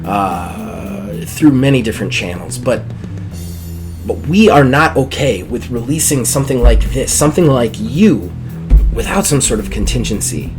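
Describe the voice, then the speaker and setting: A man's voice: medium pitch, expressive, unhurried, music in the background, close to an everyday voice. A man voicing a firm, businesslike male official in a tabletop game.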